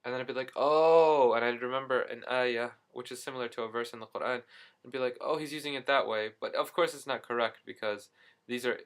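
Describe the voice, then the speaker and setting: A young man tells travel stories to the camera in a loose, rambling vlog. He keeps breaking off for asides and corrections, and he acts out the quick reactions of the people he met along the way. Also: medium pitch, flat delivery, a bit bright, clear, resonant tone. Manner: self-correcting, frequent asides and fillers. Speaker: video diarist. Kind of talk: casual travel vlog storytelling. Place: Istanbul, Turkey.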